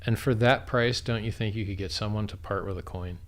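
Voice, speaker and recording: A man's voice: lowish voice, brisk. A man chatting casually on a livestream, blunt and profane, laughing at how absurd things get. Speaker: livestream guest and crypto founder.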